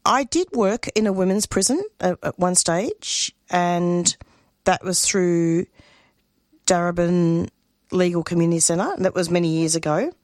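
Earnest woman, low voice. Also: a little mellow, dry recording, studio quality. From Australia. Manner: emotional, earnest, halting with restarts. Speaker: community radio producer and host. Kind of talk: interview guest, spontaneous talk.

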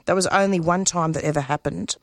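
A woman, a community radio producer speaking as an interview guest, earnest and emotional, halting and restarting her sentences. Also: lowish voice, creaky, dry recording, clean studio sound. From Australia. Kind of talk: interview guest, spontaneous talk.

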